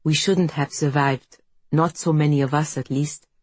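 A woman's voice: low voice, steady tone, normal speed, husky, no echo. A woman narrator voicing an older, reserved French woman with a thick French accent and a sober tone.

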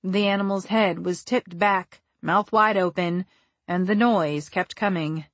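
Female narrator, first-person comic story, unhurried and wry, dry close booth sound. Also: fairly low pitch, steady tone, dry recording. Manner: measured, wry and deliberate. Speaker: audiobook narrator.

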